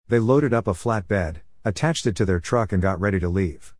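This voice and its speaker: Low-voiced man telling a story. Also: moderate pace, a little mellow, no echo, studio quality. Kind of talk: first-person storytime narration.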